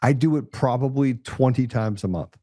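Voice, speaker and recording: A man hosting a podcast, telling blunt, profane, animated stories in a casual conversational way. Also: mid-range voice, moderate pace, no room sound, studio quality. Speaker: podcast host.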